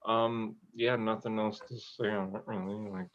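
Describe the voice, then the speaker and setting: A man hosting a casual podcast, running through the week's news in a relaxed, rambling way. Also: lowish voice, normal speed, lo-fi sound, slight background noise. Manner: relaxed, newsy, rambling with fillers. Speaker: podcast host.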